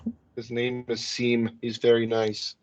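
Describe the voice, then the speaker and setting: A man's voice: medium pitch, completely flat delivery, unhurried, darkish tone, dry recording. A man co-hosting a podcast, making crude sarcastic jokes and laughing. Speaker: podcast co-host. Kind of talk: casual comedic commentary.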